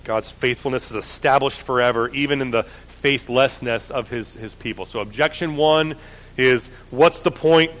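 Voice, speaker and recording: A man preaching a sermon, telling the story in a lively, conversational way with frequent restarts. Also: mid-range voice, moderate pace, big-room sound.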